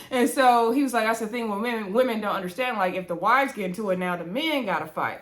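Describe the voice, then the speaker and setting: A woman's voice: medium pitch, fairly quick, fairly bright tone. A woman casually recapping a reality show, chatty and laughing, acting out the cast members' lines in quoted voices.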